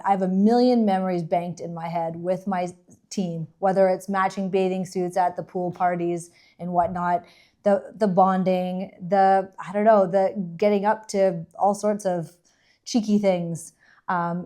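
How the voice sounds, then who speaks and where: A woman's voice: fairly low pitch, dark tone. A woman co-hosting a casual podcast, enthusiastic and playfully teasing. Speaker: podcast co-host.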